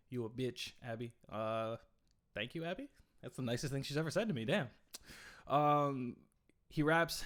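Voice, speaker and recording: A young adult man chatting casually on a live stream from his home studio, rambling with fillers and some swearing. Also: mid-range voice. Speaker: streamer reviewing music.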